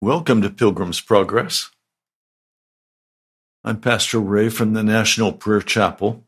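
A male pastor delivering a radio sermon, asking slow, emphatic questions. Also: lowish voice, husky.

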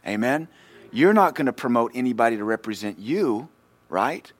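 A male pastor, preaching a sermon and telling a personal story in a lively way, swinging between loud and quiet. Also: medium pitch, moderate pace.

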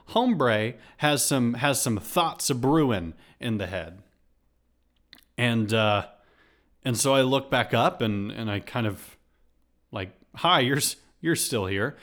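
A man's voice: medium pitch, a bit bright. Rambling sarcastic man telling a story. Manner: rambling, sarcastic, full of restarts and asides. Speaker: podcast host. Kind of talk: comedic storytelling monologue. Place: Houston.

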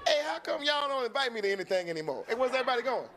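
A man playing a hurt, pleading celebrity impression in a comedy sketch, with a whiny, wheedling, high-pitched delivery. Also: very animated, racing, fairly bright tone, exaggerated voice. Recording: noisy TV sketch clip.

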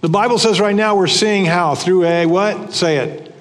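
A man's voice: high voice, moderate pace. Older male pastor preaching in a reverberant church. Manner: conversational preaching, repeats phrases for emphasis. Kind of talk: sermon. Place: church sanctuary.

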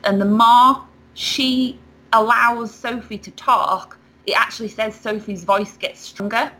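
Animated woman telling a story. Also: a little high, measured pace, rough recording. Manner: animated storyteller, laughs often. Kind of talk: casual chat.

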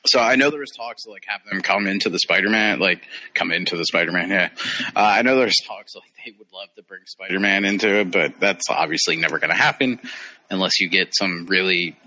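A man co-hosting a casual pop-culture chat, opinionated and quick to laugh. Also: sits low, pushed and bright. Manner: opinionated, laughs often, dismissive asides. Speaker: podcast co-host.

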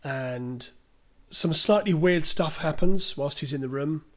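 A man co-hosts a casual podcast chat about films. His voice sits fairly high, and he rambles along with lots of "you know" and restarts. He sounds like an easygoing enthusiast talking a plot through. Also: unhurried. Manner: rambling, hesitant with fillers and restarts. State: clearing his throat. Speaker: podcast co-host. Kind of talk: casual film discussion.

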